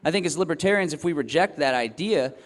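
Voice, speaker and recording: A young man giving a talk to a festival audience, earnest and reflective, pausing often with ums and restarting his phrases. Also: fairly high pitch, animated. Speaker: festival speaker. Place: event hall or tent. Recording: long hall reverb.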